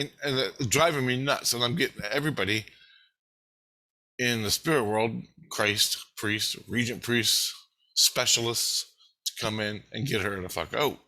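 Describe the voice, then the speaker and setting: In an unhurried, mid-range voice, this male vlogger rambles through a story, cursing freely. His monologue is casual and animated, and he performs the voices of anyone he quotes.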